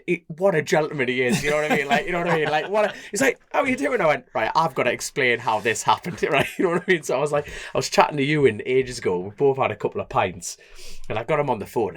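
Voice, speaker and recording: A young Geordie man tells a racing story on a podcast, his pitch jumping up and down as he plays every part. He laughs through it, loose and chatty. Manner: animated storyteller, acts out voices, laughs often. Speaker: podcast co-host, road racer. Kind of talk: casual chat, storytelling.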